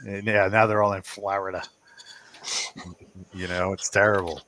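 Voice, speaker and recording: A man's voice: low-pitched, flat delivery, normal speed, a bit bright. A man whose first language is Italian, a guest telling rambling stories in casual chat and laughing often.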